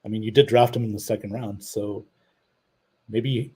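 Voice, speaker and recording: A man's voice: on the low side, steady tone, moderate pace, darkish tone, husky, low-quality recording. A man hosting a live show, chatting casually about his team and reading out viewer comments. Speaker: podcast host. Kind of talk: casual live-stream chat.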